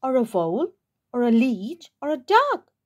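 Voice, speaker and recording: A woman's voice: sits high, sing-song, unhurried, full character voice. A woman doing a sulky complaining cat. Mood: grumbling. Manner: sighing, complaining. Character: grumpy put-upon male cat.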